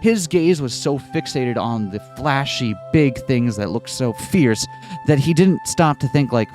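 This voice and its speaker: A man's voice: medium pitch, animated, unhurried, a little mellow, faint music behind. Stammering, playful man chatting over a game. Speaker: let's play co-host. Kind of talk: casual chat while reading a visual novel.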